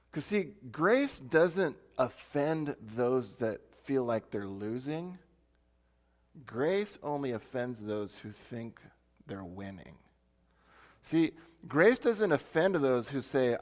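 A pastor preaching a casual, conversational sermon, chatty and thinking out loud with self-deprecating asides. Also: male voice, medium pitch.

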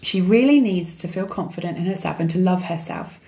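A woman's voice: on the low side, brisk, warm tone. A middle-aged woman, co-hosting a podcast in casual chat and telling stories with acted-out quotes. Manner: chatty storyteller, acts out quoted dialogue. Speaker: podcast co-host.

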